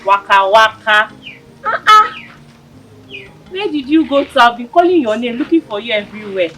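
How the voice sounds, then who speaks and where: A bright-voiced Nigerian neighbour. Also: female voice, a little high, sing-song, normal speed, faint music behind. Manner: calling out loudly, questioning. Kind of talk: Nollywood family drama acting.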